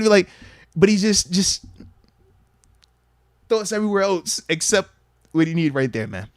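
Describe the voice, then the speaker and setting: A man in his thirties with a fairly high voice tells locker-room stories as a podcast host. He talks in a loose, casual way and acts out what other people said, jumping way up in pitch and getting loud. The sound is close and dry, with no room echo. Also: measured pace, pauses often. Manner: animated, acts out quoted dialogue with big swings in pitch and loudness. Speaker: podcast host, former football player. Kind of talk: casual storytelling chat.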